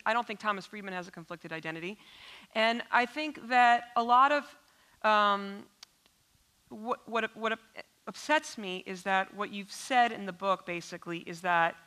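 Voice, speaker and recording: A woman's voice: medium pitch, pushed and bright. A woman journalist from New York interviews her guest onstage in a pointed, challenging way.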